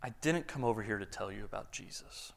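A man voicing a calm Christian recruiter in a sermon story, speaking quietly and carefully. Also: on the low side, vocal fry, pitched below the performer's own voice. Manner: quiet, measured.

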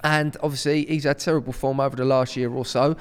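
A young man, co-hosting a casual banter podcast, talking in an animated, slangy way and often restarting his sentences. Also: medium pitch, fast talker, smooth. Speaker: podcast co-host. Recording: reverberant room.

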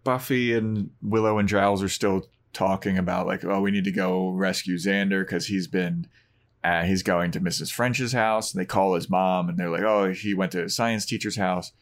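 A man co-hosting a casual podcast, retelling a TV episode and acting out the characters' lines in quick bursts. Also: deep voice. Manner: animated retelling, acts out quoted lines. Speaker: podcast co-host. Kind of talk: casual chat recapping a TV episode.

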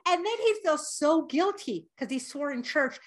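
A middle-aged woman with a high voice tells family stories in a relaxed podcast chat. She laughs often and drops into a gruff voice when she mimics her father. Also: normal speed. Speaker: podcast co-host. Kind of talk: casual storytelling chat.

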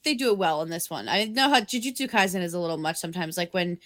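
A woman's voice: lowish voice, fast talker. A woman co-hosting a casual podcast chat, swearing freely and acting out quotes. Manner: animated, swearing, acts out quotes. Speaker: podcast co-host.

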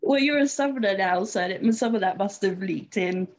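A woman's voice: medium pitch, moderate pace, darkish tone. A woman interviewing an author, asking questions in a playful, teasing way. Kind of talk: casual interview chat. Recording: dull lo-fi line with faint noise.

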